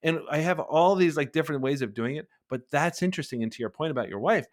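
A man's voice: fairly high pitch, fast. A man in his forties, a guest on an interview podcast, who talks animatedly and acts out little bits of dialogue. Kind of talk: conversational interview.

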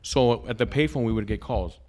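As a guest on a podcast, a man with a medium-pitched, darkish voice tells a personal story fairly quickly. He's casual and profane, rambling and restarting his sentences often.

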